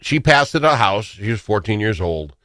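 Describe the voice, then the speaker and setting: Animated, bright-voiced male talk host. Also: on the low side, a little fast, no room sound, studio quality. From Minnesota. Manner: animated, excitable storyteller. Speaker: radio talk show host. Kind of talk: casual storytelling chat.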